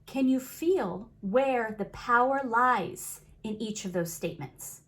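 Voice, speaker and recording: A woman with a fairly high, very animated voice gives a motivational talk on manifesting. She leans into key words, drawing them out and repeating phrases for emphasis. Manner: expressive, emphatic, repeats phrases with slow stresses. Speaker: manifesting coach.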